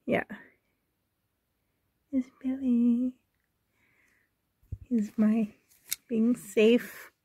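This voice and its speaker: Woman vlogger, high-ish voice, unhurried, soft and doting with whispered asides, dry close sound. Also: little pitch movement, breathy edge, no echo. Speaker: doll collector vlogger. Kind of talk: casual show-and-tell chat. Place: home bedroom. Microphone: handheld camera.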